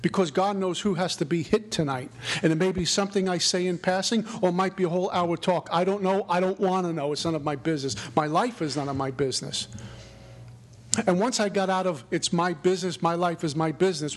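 A middle-aged man with a notably high voice gives a spiritual recovery talk. He speaks earnestly and reflectively. His phrasing has a preacherly lilt. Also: fairly quick.

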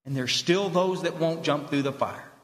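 A man giving a blunt, animated motivational talk to an audience at a recovery fellowship meeting in a meeting hall. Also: a little high, normal speed, soft background music. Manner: animated storytelling, blunt, direct address. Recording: echoey hall reverb.

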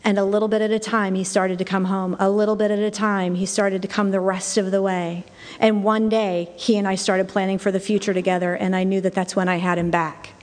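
A middle-aged woman tells her own story to a room, leaning on repeated phrases for weight. Her voice keeps to a narrow, even pitch. Long reverb trails each line, as in a big hall. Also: a little fast. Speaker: speaker sharing personal testimony. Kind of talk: spoken personal testimony.

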